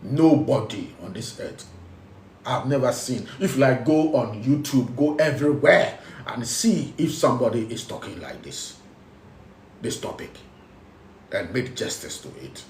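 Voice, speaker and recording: A man's voice: medium pitch, very animated, unhurried, a little mellow, echoey room, distant mic, a little hiss or hum. A man with a Ghanaian accent, speaking as a spiritual teacher, emphatic and repetitive, switching between English and local phrases. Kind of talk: preaching talk.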